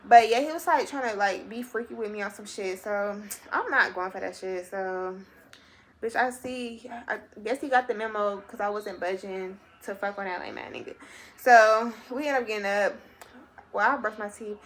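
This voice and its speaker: A young adult woman telling a personal story to her viewers in a casual, animated and very profane way. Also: medium pitch, normal speed. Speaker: vlogger.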